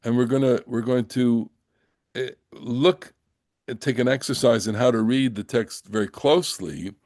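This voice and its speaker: An older man teaching a Bible class. He reads Hebrew verses slowly, translates them, and talks in a halting way with many fillers and restarts. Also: mid-range voice, a little mellow, no echo, studio quality. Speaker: Torah teacher.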